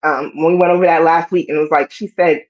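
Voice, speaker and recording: A woman co-hosting a casual TV recap chat, animated and slipping into voices to act out the scenes. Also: low-pitched, fast talker, muffled recording. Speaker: show co-host.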